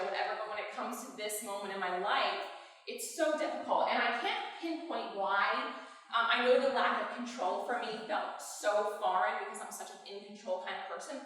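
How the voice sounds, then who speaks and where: A woman's voice: mid-range voice, a bit bright. A woman in her thirties telling an emotional personal story from a stage, her voice breaking at times. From Pennsylvania. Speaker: speaker sharing her story. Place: large hall. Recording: echoey hall from far off.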